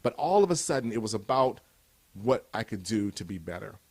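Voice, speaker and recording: A man's voice: fairly low pitch, very animated, a little fast, a little mellow, breathy edge. A man in his fifties from Cleveland, giving a motivational speech with emphatic, repeated rhetorical build-ups. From Cleveland, USA. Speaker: motivational speaker.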